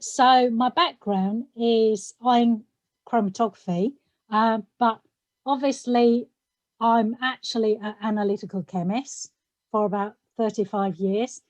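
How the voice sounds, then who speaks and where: A middle-aged woman from South London, an analytical chemist, explaining her work on a video call in a relaxed way with frequent ums. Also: on the high side, no echo. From South London, England.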